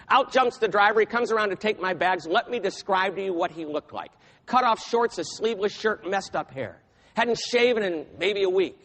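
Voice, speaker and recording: A man giving a keynote speech, telling a story in a dramatic, animated way. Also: sits high, long reverb tail. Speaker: keynote speaker.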